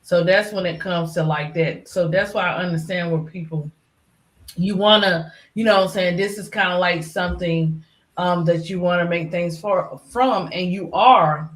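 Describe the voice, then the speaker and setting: A woman's voice: fairly low pitch, normal speed, reverberant. A middle-aged woman who is a regular on a livestream panel, talking in a casual, rambling way full of fillers. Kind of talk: casual chat.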